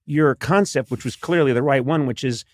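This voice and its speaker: A man's voice: mid-range voice, normal speed, dry recording, clean studio sound. A man hosting a podcast, chatting loosely and retelling film scenes with restarts and bursts of laughter. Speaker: podcast host. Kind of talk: casual conversational podcast talk.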